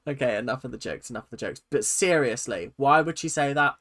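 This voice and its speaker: A man, hosting a casual reaction video, jokey and animated, laughing at himself. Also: mid-range voice, a little fast, few pauses.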